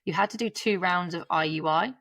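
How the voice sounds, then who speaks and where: Gravelly woman sharing a story. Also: fairly low pitch, brisk, a bit bright, no room sound. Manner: chatty, laughs often, self-interrupting. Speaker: podcast guest. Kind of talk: candid conversational storytelling.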